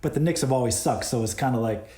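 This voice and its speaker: Cinematographer guest, lively storyteller, laughs a lot, voice a bit echoey. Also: male voice, medium pitch, fast, noisy background. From Boston. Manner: animated, laughing, retells exchanges. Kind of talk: casual storytelling interview. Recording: roomy echo.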